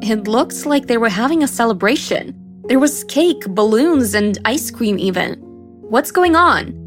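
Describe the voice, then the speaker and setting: A woman narrating a first-person life story in an earnest, expressive way. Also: fairly high pitch, normal speed, soft background music. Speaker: podcast storyteller.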